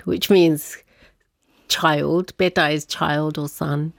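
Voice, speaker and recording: A woman's voice: low-pitched, fairly even intonation, a little slow, vocal fry, dry recording. Chatty woman, dry close sound. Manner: chatty, laughs often, acts out quoted voices. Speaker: interview guest. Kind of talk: personal storytelling interview.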